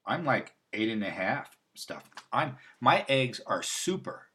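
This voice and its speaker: A man's voice: medium pitch, big pitch swings, slow, pushed and bright. A man hosting a casual livestream, talking in a loose, rambling way with restarts and asides. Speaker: host. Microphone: livestream mic.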